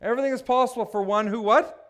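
A man preaching a sermon, building to passionate shouts and breaking off for joking asides. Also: very high voice, fast. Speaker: pastor.

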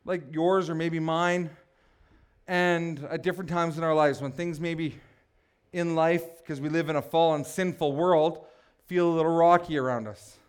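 A man preaching a sermon, building to passionate shouts and breaking off for joking asides. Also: a little high, fairly even intonation, moderate pace, clean tone. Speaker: pastor.

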